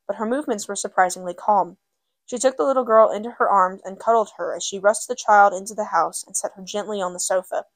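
A woman's voice: medium pitch, no room sound. Woman reading a novel aloud. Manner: casual introduction then steady reading. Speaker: book reader and host.

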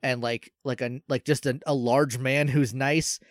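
A young man chatting casually about movies, rambling with fillers and quick laughs. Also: mid-range voice, steady tone, no room sound, studio quality. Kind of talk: casual chat.

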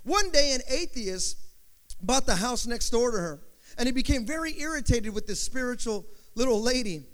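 A man's voice: very high-pitched, animated, normal speed, a bit bright. A male pastor preaching a sermon, with call-and-response and emphatic repetition. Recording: long hall reverb.

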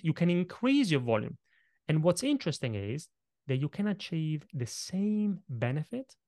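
A man who is not a native English speaker, a presentation coach guesting on a podcast, talking with lively, shifting emphasis. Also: mid-range voice, dry recording, studio quality. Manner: energetic, varied emphasis, punches and stretches words. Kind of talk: podcast interview, explaining tips.

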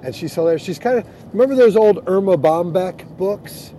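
A middle-aged man, a pastor, chatting casually on earphones from inside a car, reading scripture slowly and then talking loosely with fillers. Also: high voice, expressive, warm tone. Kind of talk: casual chat on a social audio app. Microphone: earphones with mic. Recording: clear car and road noise.

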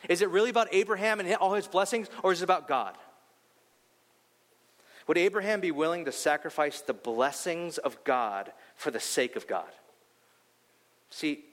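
A young adult man preaching a sermon, firing off rhetorical questions and telling a personal story, his voice climbing high as he grows heated. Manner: animated storytelling, rhetorical questions, pitch rising when heated. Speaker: pastor. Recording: long hall reverb.

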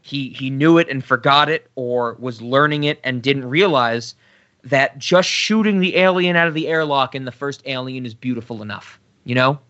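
A man co-hosting a podcast, chatting casually about films and getting animated when he rants. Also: medium pitch, normal speed, muffled recording. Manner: animated, gets loud and excited when ranting. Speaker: podcast co-host. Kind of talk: casual film discussion.

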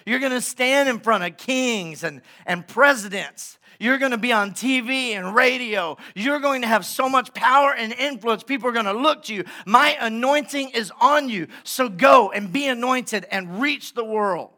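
A man's voice: very high-pitched, moderate pace, few pauses, bright, forceful tone, pitched above the performer's own voice. A man voicing God proclaiming a grand calling in a solemn, proclaiming manner.

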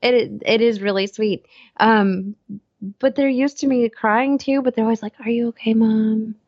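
A woman's voice: fairly high pitch, steady tone, normal speed, darkish tone, no room sound, lo-fi sound. A woman in her thirties, a co-host chatting casually and acting out her own reactions over a video call. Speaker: podcast co-host. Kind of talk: casual chat.

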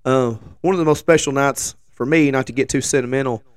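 A man in his forties with a hoarse voice after the flu, telling a rambling, joking story as a show host. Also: medium pitch, fairly quick, no echo, studio quality. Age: 40s. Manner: rambling, self-deprecating, joking asides. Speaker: podcast host. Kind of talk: casual storytelling chat.

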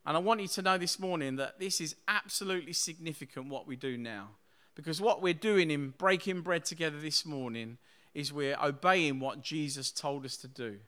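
A man's voice: on the high side, moderate pace, sharp tone. A man preaching a sermon to his church, speaking conversationally with frequent tag questions, then leading a communion prayer. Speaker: pastor.

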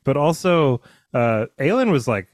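A man co-hosting a casual book discussion, rambling with lots of fillers and restarts and slipping into animated impressions of characters. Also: mid-range voice, unhurried, dry recording, clean studio sound. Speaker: podcast co-host.

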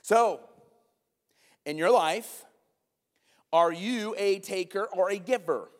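Animated man preaching in a reverberant hall. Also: high voice. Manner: animated, talks to the congregation with asides and quick acted-out quotes. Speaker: pastor. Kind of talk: sermon.

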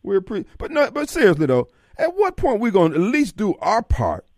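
Male radio host, blunt streetwise talker, slightly high voice, dry. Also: wildly swooping pitch, normal speed, darkish tone, no room sound. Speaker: radio talk show host. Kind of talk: call-in talk radio.

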